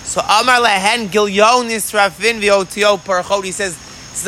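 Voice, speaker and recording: A man's voice: high-pitched, fairly even intonation, moderate pace, pushed and bright, a little hiss or hum, low-quality recording. A man teaching a Talmud class outdoors in the rain. He talks with animation, asks rhetorical questions and mixes in Hebrew and Aramaic phrases. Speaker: Torah teacher.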